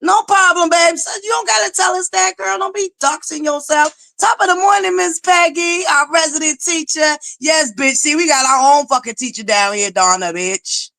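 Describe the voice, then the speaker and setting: A loud, belligerent woman hosting a live chat stream. Her voice is bright and forceful. She curses constantly, greets viewers by name and keeps demanding likes. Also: high voice, normal speed, gravelly, few pauses. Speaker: livestream host. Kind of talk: profane live-chat commentary.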